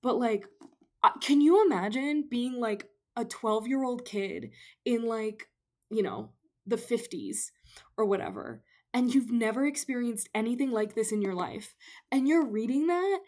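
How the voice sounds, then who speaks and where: A woman's voice: a little high, expressive, measured pace. A young adult woman chatting about a book she loves, gushing and rambling with many fillers and sounding out of breath. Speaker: book vlogger. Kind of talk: excited casual book chat.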